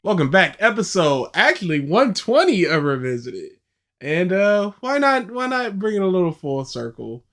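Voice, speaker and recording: A man co-hosting a casual podcast, chatting in an upbeat, animated way. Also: high-pitched, normal speed, faint music behind. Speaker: co-host.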